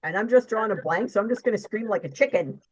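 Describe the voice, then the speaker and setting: A woman's voice: medium pitch, animated, fast, slight background noise, rough recording. A woman co-hosting a casual live chat, rambling and wry. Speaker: co-host.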